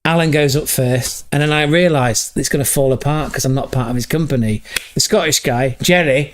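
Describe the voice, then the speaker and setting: A man's voice: mid-range voice, brisk. Sweary English man hosting a stream. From England. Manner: rambling, sweary storytelling. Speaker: livestream host. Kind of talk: casual chat.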